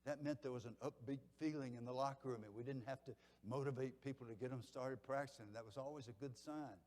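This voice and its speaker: Older guy telling folksy stories at a banquet, goes loud then hushed, long echo in the hall. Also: mid-range voice, quick pace. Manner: folksy storytelling, swinging between loud and hushed. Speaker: keynote speaker. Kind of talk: motivational banquet speech.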